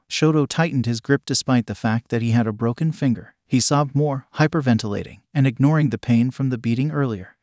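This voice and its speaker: A man narrating a fan fiction story in an even, steady reading. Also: medium pitch, fairly quick, few pauses, no echo, clean studio sound.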